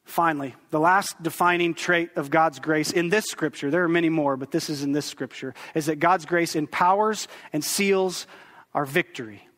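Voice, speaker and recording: A man in his thirties preaches with a high, bright-pitched voice, keeping the sermon conversational and dropping joking asides to the congregation. His voice rings out with the long reverb of a church hall. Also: normal speed. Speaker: pastor. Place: church sanctuary.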